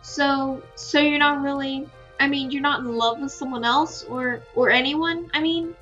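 A woman's voice: high voice, fairly even intonation, unhurried, sharp tone, dull audio, faint music behind. A woman voicing a shy young heroine in a visual novel, speaking hesitantly and stammering at times. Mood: flustered. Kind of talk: reading a visual novel aloud.

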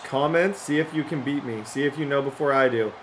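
A young man giving casual, rambling gameplay commentary, jumping from low mutters to loud excited outbursts. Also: fairly quick, noisy background. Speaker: gaming YouTuber.

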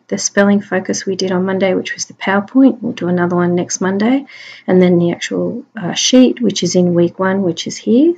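A woman's voice: fairly low pitch, a little mellow, breathy edge. A woman teacher giving a spelling lesson online, sounding out words phoneme by phoneme in a chatty, encouraging way. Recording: dull lo-fi home recording.

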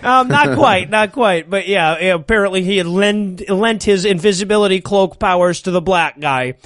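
A man's voice: sits high, moderate pace, a bit bright, dry recording, clean studio sound. A man co-hosting a comedy podcast, recapping a film with sarcastic asides and frequent laughs. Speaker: podcast co-host.

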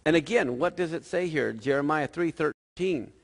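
A male pastor preaching a sermon in a lively, conversational storytelling manner. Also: fairly high pitch, moderate pace, gravelly, in a large hall.

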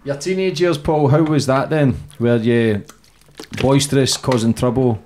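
Mellow man asking questions. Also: medium pitch, a little slow, slight background noise. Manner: short prompting questions and steady back-channel. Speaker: podcast host. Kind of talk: interviewing a guest.

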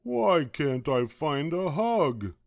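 Older man putting on a storybook bear cub, pitched well up, soft and pleading, dry close sound. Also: expressive, slow pace, dry recording. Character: young bear cub, lonely and eager for a hug.

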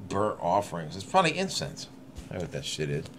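A man's voice: low voice, wildly swooping pitch, fast, fairly bright tone, slight background noise. A man reading scripture aloud on his channel, breaking off into rambling, irreverent asides with frequent laughter. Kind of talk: casual scripture reading with running commentary.

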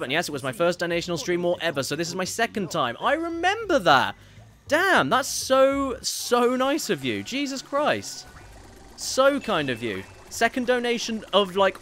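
Game streamer, man, a bit higher pitched, casual and rambling, light game music underneath. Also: fairly bright tone. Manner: chatty, reads viewer messages aloud with quick asides. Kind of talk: casual live-stream chat while gaming. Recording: faint game music behind.

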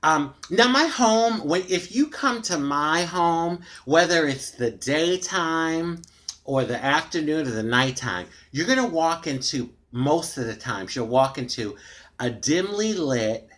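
An American vlogger rambles to her tablet camera in a dimly lit room at home, candid and frustrated, with plenty of "you know"s and other fillers. Her low-pitched voice is expressive and slow.

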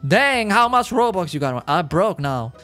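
Excitable man with a lively high voice. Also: measured pace, faint music behind. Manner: excitable, chatty, laughs often. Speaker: gaming YouTuber. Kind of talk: casual gameplay commentary.

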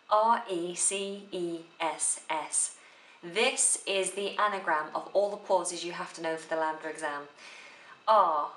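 A woman giving a spoken theory lesson for a drama exam, explaining slowly and deliberately. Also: fairly low pitch, fairly bright tone. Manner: slow, careful, deliberate delivery. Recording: echoey room.

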